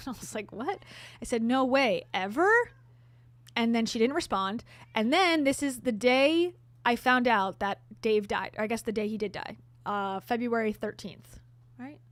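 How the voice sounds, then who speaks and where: A woman's voice: fairly high pitch, a little slow. A woman hosting her own vlog, telling a story to camera in a chatty, candid way with sarcastic asides. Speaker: vlogger host.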